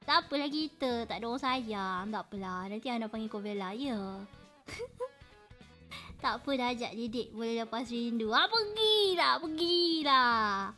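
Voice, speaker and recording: A woman's voice: a little high, a little fast, fairly bright tone, faint music behind. A Malaysian woman livestreaming, chatting playfully and laughing often, mixing in English. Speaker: streamer. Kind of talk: casual livestream chat.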